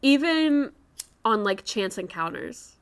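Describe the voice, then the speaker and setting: A woman's voice: mid-range voice, big pitch swings, slow pace, clean tone. A young woman co-hosting a podcast, telling candid stories in casual chat and laughing often. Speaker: podcast co-host.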